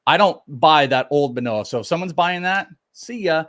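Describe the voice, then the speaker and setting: A man's voice: on the high side, normal speed. Guy on a live sports podcast, blunt and fired up about his takes. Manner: animated, opinionated, blunt. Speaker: fantasy baseball co-host. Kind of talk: casual live podcast banter.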